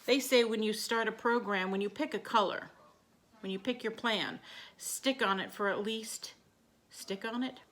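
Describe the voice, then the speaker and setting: A woman's voice: on the high side, fairly even intonation, moderate pace, fairly bright tone. A woman chatting casually to her camera in a rambling, friendly way, with many fillers. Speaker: vlogger.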